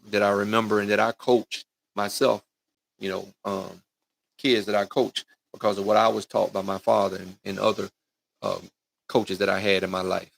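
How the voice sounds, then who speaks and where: Man, middle-aged, youth football coach, gravelly low voice, livestream pep talk, speaks straight to parents. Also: a little hiss or hum. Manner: folksy, preachy, addresses parents and kids directly with lots of "right?" and "man". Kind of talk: live-streamed motivational talk.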